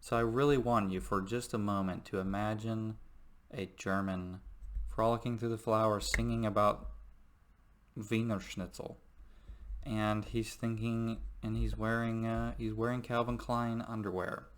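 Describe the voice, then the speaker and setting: Male history teacher, lower voice, loose and jokey lecture delivery with lots of fillers. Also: level tone, a little slow. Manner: jokey, rambling, many fillers. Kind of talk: recorded classroom lecture.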